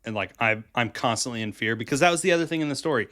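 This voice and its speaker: A man co-hosting a podcast, telling a story in casual, animated chat with quick asides and restarts. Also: medium pitch. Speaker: podcast co-host.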